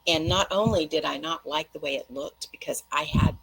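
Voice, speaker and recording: A middle-aged woman talks straight to her viewers in a loose, rambling monologue, full of quick tangents. Her voice sits low and has a gravelly edge. It has a husky, slightly rough grain. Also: low-quality recording. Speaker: host.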